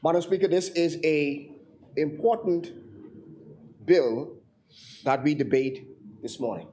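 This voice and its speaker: A Bahamian man speaking in a parliamentary debate, his voice hoarse and strained. He sits a little high for a man and pushes on through stumbles, fillers and repeated words as he builds his argument. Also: animated, slow pace, mellow, slight background noise. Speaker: member of parliament.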